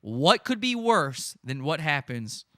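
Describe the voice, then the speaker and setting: Fairly high-pitched and sing-song, this man speaks slowly over background noise. As a podcast host, he mocks stream footage with gleeful live commentary and bursts out laughing.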